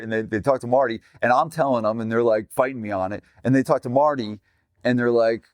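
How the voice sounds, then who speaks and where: A middle-aged man hosting a casual business podcast, telling animated stories and often repeating words as he starts a sentence. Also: mid-range voice, fairly quick, no echo, studio quality. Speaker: podcast host and gym business coach.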